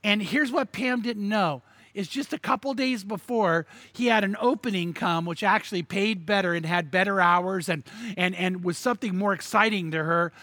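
A middle-aged male pastor delivers a sermon in a high, bright, forceful voice. He tells personal stories, acts out the people in them, and hammers points home through repetition. The sound is dry and close. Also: normal speed, no echo. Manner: storytelling with quoted voices and emphatic repetition.

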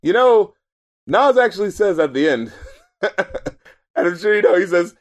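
Man co-host, high voice, casual and animated, quick to laugh, swears a lot. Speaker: podcast co-host reviewing an album. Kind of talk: casual chat.

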